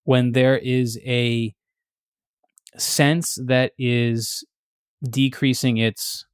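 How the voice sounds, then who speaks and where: A man hosts a podcast in a relaxed, explanatory chat. He works through ideas step by step, restarting sentences as he thinks. His voice sits at a middle pitch, recorded close with a dry, dead sound. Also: drawn-out words, clean tone, dry recording. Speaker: podcast host.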